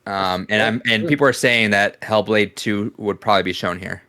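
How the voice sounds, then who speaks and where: A man co-hosting a casual reaction chat, animated, often restarting and swearing freely. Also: lowish voice, moderate pace. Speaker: co-host.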